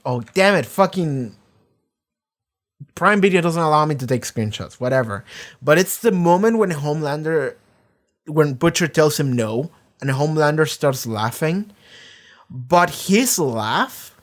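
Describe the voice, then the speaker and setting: A man giving casual reaction commentary on a TV episode. He rambles excitedly and swears freely. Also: on the high side. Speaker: TV reaction YouTuber.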